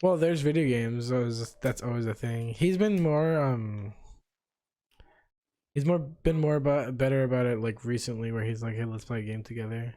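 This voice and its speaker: Young man, podcast co-host, mid-pitched everyday voice, casual swearing, halting restarts. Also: dark tone. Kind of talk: casual chat.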